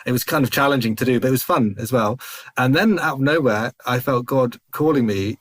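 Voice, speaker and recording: Man, thirties, podcast guest, animated storyteller, restarts mid-sentence, mid-range voice. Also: mid-range voice, a little fast. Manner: animated, self-interrupting, chuckles through anecdotes. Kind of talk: conversational storytelling.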